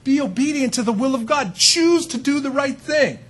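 A man voicing God as a pleading, fatherly deity, with a raspy voice and earnest, emphatic delivery. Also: very high voice, moderate pace, pitched above the performer's own voice.

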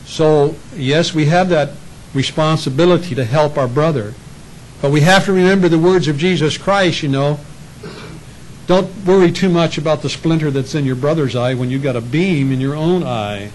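A pastor preaches a sermon conversationally, now and then putting on little voices for the people in his stories. His voice is fairly high and moves at normal speed, and the recording is rough.

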